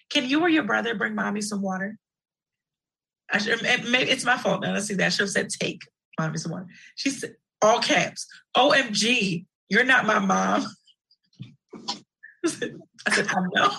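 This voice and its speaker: Woman co-host, husky and gravelly, chatty and laughing, high-ish voice. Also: sharp tone, poor audio. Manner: chatty, storytelling, laughs easily. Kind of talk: casual chat show.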